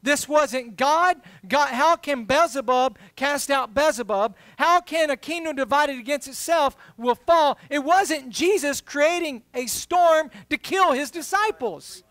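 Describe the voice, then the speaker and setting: Pastor, middle-aged man, high voice, close dry mic; jokes, then preaches hard. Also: a bit bright, no room sound. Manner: humorous storytelling, rising to emphatic preaching. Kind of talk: sermon.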